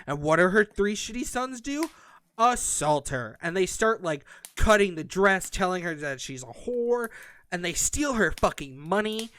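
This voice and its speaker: A male podcast co-host recaps a trashy novel in casual, profanity-laced chat. His pitch swings widely and expressively as he tells the story. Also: measured pace. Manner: animated, profane plot recap. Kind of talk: casual book review chat.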